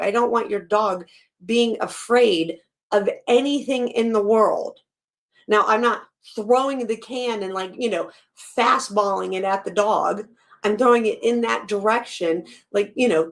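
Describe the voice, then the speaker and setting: A woman with a medium-pitched voice hosts a live stream, reacting to a podcast in blunt, animated, casual talk and swearing freely.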